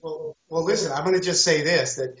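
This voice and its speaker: A man hosting an interview, asking relaxed questions in casual chat. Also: fairly high pitch, a little fast, creaky. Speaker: host. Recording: dull, roomy audio.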